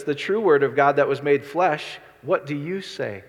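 A man's voice: on the high side, lively intonation, measured pace. A middle-aged man preaching a sermon as a pastor, talking conversationally and asking the congregation questions. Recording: reverberant hall.

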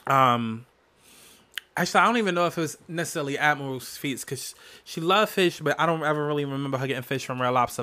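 A man hosting a solo podcast, telling family memories in a candid, emotional way with lots of profanity and animated bursts. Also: fairly high pitch. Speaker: podcast host.

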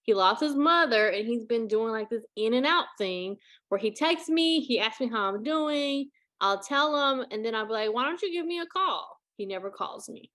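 A woman with a slightly higher voice tells a dating story in relaxed, lively podcast chat. She is animated, jumps into quoted voices, and laughs along the way. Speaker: podcast host.

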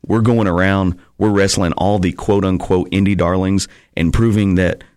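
A man's voice: low voice, normal speed, dry recording, clean studio sound. A man from Tennessee, a guest pro wrestler telling stories in casual podcast chat with many fillers. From Tennessee, USA. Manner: relaxed storytelling with frequent fillers.

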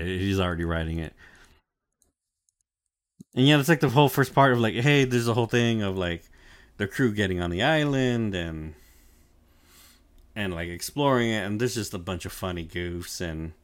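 Chill young dude rambling about anime, kinda low voice, dry close mic, says like a lot. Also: male voice, expressive, moderate pace, long pauses, clear, resonant tone, no echo. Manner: laid-back, swearing, many "like" fillers, laughs often. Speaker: podcast co-host recapping anime. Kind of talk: casual chat.

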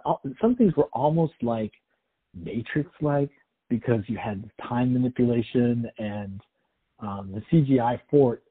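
Husky man with wry humor. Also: medium pitch. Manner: wry, rambling, sarcastic humor. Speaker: podcast co-host. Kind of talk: casual movie review chat. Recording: tinny phone-like sound.

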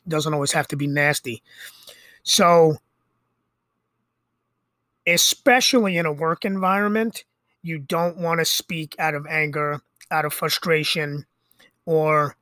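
A man's voice: a little high, sharp tone, no room sound, studio quality. A middle-aged man hosting a podcast, talking in a rambling, conversational monologue full of fillers and restarts. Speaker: podcast host. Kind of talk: casual monologue.

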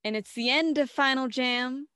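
A young woman with a fairly high voice chats through a movie recap, laughing often and slipping into playful impressions of the characters. She is recorded close and dry, with no room sound. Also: normal speed, sharp tone, clean tone, no echo. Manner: giggly, acts out lines in playful voices. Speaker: movie review co-host. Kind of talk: casual chat.

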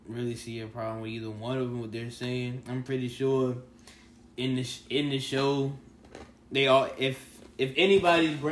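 A man co-hosting a podcast, talking basketball in a laid-back, measured way. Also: mid-range voice, fairly bright tone, roomy sound, a little hiss or hum. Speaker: podcast co-host. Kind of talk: casual sports chat.

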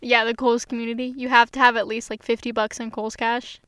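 A young woman co-hosting a casual chat over a video call, agreeable and full of fillers and quick yeses. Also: fairly high pitch, level tone, pushed and bright, clear, resonant tone, dry recording. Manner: agreeable, lots of fillers and affirmations. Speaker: co-host.

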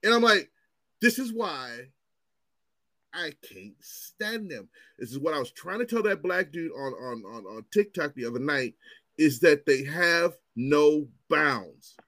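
A man's voice: a little high, moderate pace, dry recording. Guy in his 40s ranting about cops, voice jumps all over, swears a lot, dry close sound. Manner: animated, profane, acts out quotes in raised voices. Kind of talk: casual chat, storytelling.

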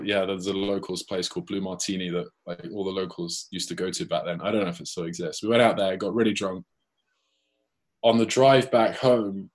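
Husky British man telling a story. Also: sits low. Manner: lively anecdote, acts out his own and others' quoted lines. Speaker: guest. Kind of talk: casual storytelling.

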